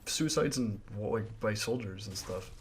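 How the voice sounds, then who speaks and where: A man's voice: lowish voice, normal speed, a little hiss or hum. A young man as a guest in a casual chat, laid-back and swearing often.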